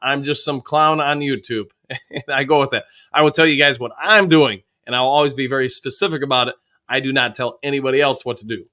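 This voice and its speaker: A man's voice: mid-range voice, steady tone, brisk, bright, forceful tone. A man hosting a casual live fan stream, upbeat and joking as he greets viewers in the chat by name. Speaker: host of a fan livestream reading chat.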